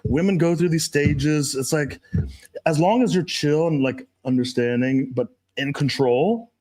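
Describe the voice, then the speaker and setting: A man hosts a casual podcast chat and tells stories in a crude, animated, freely profane way. His voice sits on the higher side for a man. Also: a little slow. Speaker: podcast host.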